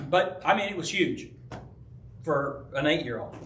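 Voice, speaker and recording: A pastor whose voice runs on the high side teaches a Bible study slowly in a reverberant church hall, with a bit of hiss or hum in the background. Loose and conversational, he recounts personal stories, acts out voices with animation and frequently checks in with "right?".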